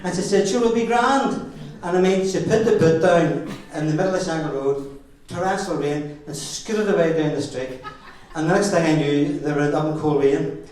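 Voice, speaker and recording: A middle-aged Northern Irish man tells chuckling family stories at a wedding, his voice sitting a little high for a man. He stands back from the microphone, and the hall rings with heavy echo around him. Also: moderate pace, hardly any pauses, darkish tone. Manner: jokey storytelling with chuckles. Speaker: father of the bride giving a speech. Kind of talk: wedding speech anecdotes. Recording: very echoey hall, far from the mic.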